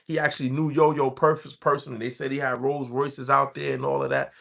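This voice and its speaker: A man's voice: medium pitch, flat delivery, fairly quick, vocal fry, fairly bright tone. A man from the Bronx with a New York accent, telling a rambling street story in casual talk. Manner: streetwise, rambling, acts out quoted voices.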